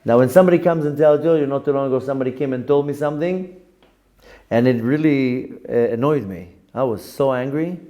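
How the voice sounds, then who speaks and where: A middle-aged rabbi giving a candid, self-questioning spoken lesson, now and then jumping high on a repeated question. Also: male voice, a little fast, lo-fi sound.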